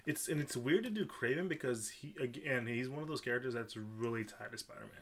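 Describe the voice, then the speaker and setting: A man's voice: medium pitch, fast talker, slight background noise. A man co-hosting a casual podcast, rambling and often restarting his sentences. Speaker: podcast co-host. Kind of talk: casual chat.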